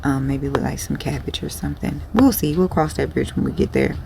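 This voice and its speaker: Gravelly-voiced woman rambling casually. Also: rumbling low, fairly quick, noisy background. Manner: rambling, profane, blunt. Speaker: small online clothing seller. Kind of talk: casual vlog chat.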